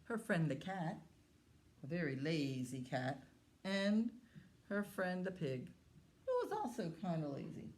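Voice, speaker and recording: A woman who is a children's librarian, telling a story to young children at story time in a slow, sing-song way. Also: on the low side, sing-song, darkish tone.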